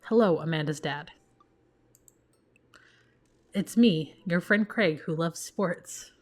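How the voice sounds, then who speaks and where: A woman voicing children pretending to be their dad in text messages, stiff and deadpan. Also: on the low side, slow.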